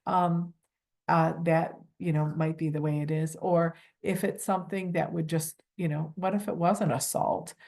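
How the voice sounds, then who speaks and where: A woman in middle age with a somewhat low voice explains volunteer screening in an online training session. She talks loosely and humbly, full of everyday fillers. She often acts out her own calls with applicants. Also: fairly even intonation, moderate pace, vocal fry, darkish tone. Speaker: volunteer coordinator. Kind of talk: training webinar talk.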